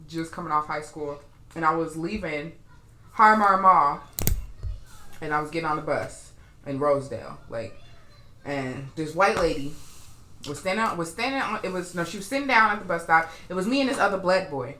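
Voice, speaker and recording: Young woman podcast cohost, bright voice, tells stories loud and cussing, roomy echo. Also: deep voice, normal speed, a little hiss or hum. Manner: animated, profane, loud when acting out quotes. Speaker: podcast co-host. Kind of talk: casual storytelling chat.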